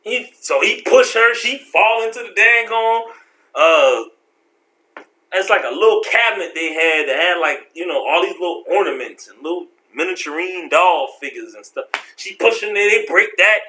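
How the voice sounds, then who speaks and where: High bright-voiced man telling a story. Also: moderate pace. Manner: animated, slangy, acts out voices. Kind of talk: casual storytelling vlog.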